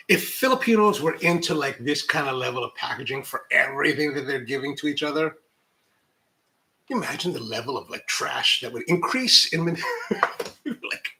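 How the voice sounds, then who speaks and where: A man's voice: medium pitch, pushed and bright. A man hosting a coffee channel livestream, chatting casually and reading viewer comments in a rambling way with many restarts. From United States.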